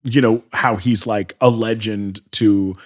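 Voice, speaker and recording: A man's voice: on the low side, fairly even intonation, slow. A man from Canada telling a story casually as a podcast guest, acting out quotes and using many fillers.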